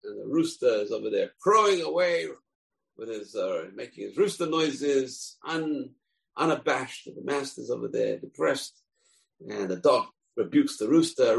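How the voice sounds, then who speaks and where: Gravelly male teacher, animated storyteller, voices each character. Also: mid-range voice, moderate pace, rough recording. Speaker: Torah teacher. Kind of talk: storytelling lesson.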